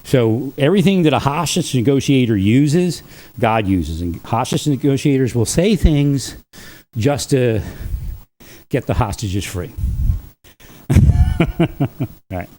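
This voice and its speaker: A man's voice: mid-range voice, sing-song, slow, long pauses, warm tone. A man talking alone on his livestream, rambling and chuckling often between thoughts. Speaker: livestream host. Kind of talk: rambling solo livestream talk.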